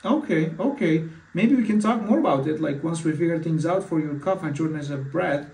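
Gravelly male doctor, echoey room. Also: fairly high pitch, fairly quick, dark tone. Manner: hesitant, many fillers and restarts. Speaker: physician. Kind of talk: mock patient consultation. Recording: echoey room, far from mic.

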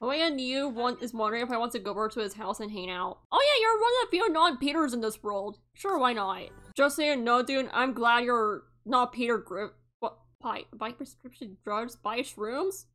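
A woman narrating her game in loose, unscripted commentary, swearing freely and breaking into laughter. Her voice sits high and swoops widely up and down. It has a bright, sharp edge, and she keeps jumping into mock-outraged shouts. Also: expressive, normal speed, few pauses. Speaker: gaming YouTuber. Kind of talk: casual gameplay commentary.

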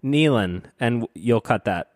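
Dude hosting a board game podcast, jokey and teasing, dry close mic. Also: male voice, mid-range voice, lively intonation, unhurried, no room sound. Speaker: podcast host. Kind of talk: casual podcast chat.

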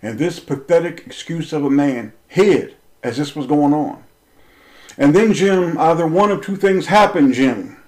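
An intense man with a somewhat high voice tells a story straight to his listeners. He is confrontational and swears freely. His delivery swings between a raised voice and a low grumble. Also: a little slow, a little mellow, rough recording. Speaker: online preacher telling a personal story. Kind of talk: impassioned storytelling monologue.

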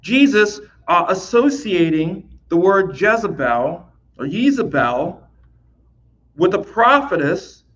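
Man, Bible teacher, conversational, repeats himself, says "right?" a lot, slightly high voice, dull lo-fi recording. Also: sing-song, slow pace, fairly bright tone.

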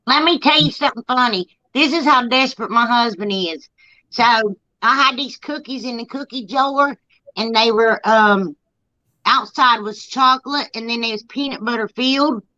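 A woman talks in a casual, blunt, joking way and laughs often. Her voice is high and bright. The sound is dry and a little dull, as if from a low-grade mic. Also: moderate pace, dry recording. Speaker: YouTube channel host. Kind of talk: casual chat.

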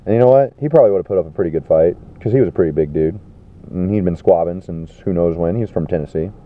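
A man telling a rambling festival story, animated and swearing, acting out the people he quotes. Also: low voice, quick pace. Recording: tinny phone-like sound.

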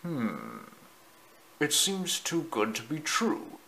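A man voicing a calm, wise stag father who speaks in a hushed, measured way. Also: fairly high pitch, a little hiss or hum.

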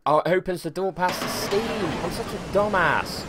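A man narrating his horror game play, swearing and panicking. His voice sits a bit high and swings wildly up and down. Loud music plays over everything. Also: moderate pace. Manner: panicky, swearing, jokey and excitable. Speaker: gaming YouTuber.

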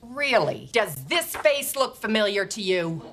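A woman's voice: medium pitch, sing-song, measured pace, fairly bright tone, slight background noise. A middle-aged actress playing a ruthless, greedy talent agent who bosses her staff with blunt threats in a sitcom scene. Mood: scolding. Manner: brash and blunt, sudden threats. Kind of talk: sitcom acting.

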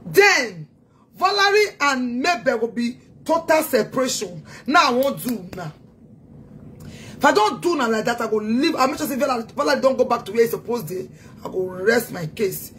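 A woman's voice: a little high, lively intonation, normal speed, a bit bright, breathy edge. A woman with a Nigerian accent delivering a heated, taunting social media rant as a self-styled activist. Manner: taunting, scolding, emphatic.

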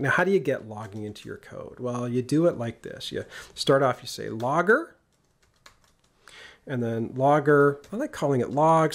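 A man giving a casual, jokey coding tutorial, talking through each step as he types. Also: mid-range voice. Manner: casual and jokey, talks while typing code. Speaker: programming instructor. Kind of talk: screen-recorded coding tutorial.

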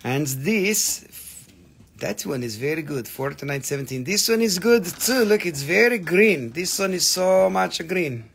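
A man's voice: sits high, lively intonation, measured pace, gravelly, fairly bright tone, slight background noise. A man hosting a live mineral sales stream, talking in a joking, rambling, playful way as he announces prices. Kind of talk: casual live selling banter.

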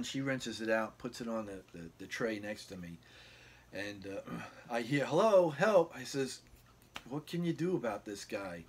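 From his home bedroom, a guitar vlogger with a husky, mid-range voice tells a long, rambling story. He acts out the quoted dialogue, full of fillers and restarts.

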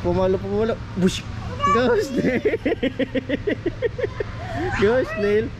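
A man's voice: extremely high pitch, wildly swooping pitch, very slow. A father filming his child, playfully cheering and coaxing them on in a casual home video. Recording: outdoor noise in background.

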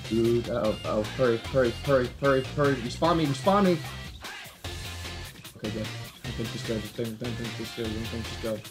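Gameplay commentary, excitable, repeats phrases in loops, mutters then yelps, self-mocking, clear game music behind. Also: a little fast. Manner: swings between low muttering and high yelps.

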